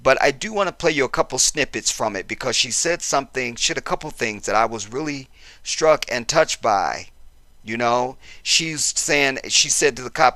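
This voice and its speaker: A man's voice: medium pitch, animated, moderate pace, sharp tone, no echo. A man vlogging casual news commentary, passionate and blunt, with frequent profanity.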